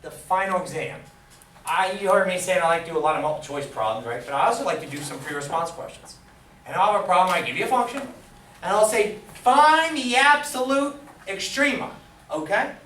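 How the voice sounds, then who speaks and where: A man teaching math in a classroom, lecturing lively and quizzing his students with questions as he goes. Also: fairly high pitch, fast talker, a little hiss or hum. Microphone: camera far from the speaker. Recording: echoey classroom from far off.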